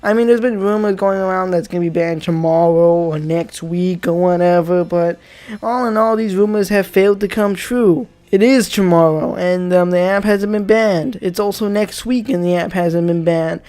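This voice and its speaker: A man's voice: high-pitched, moderate pace, a little mellow. A young man giving a comedic rant commentary, swearing and sarcastic throughout. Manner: profane, sarcastic ranting. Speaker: YouTuber.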